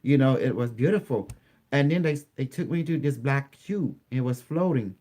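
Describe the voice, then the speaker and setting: Halting man telling his story, English. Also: mid-range voice, expressive, mellow. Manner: halting, repetitive storytelling with many restarts. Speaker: interview guest. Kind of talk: recounting a personal experience in an interview.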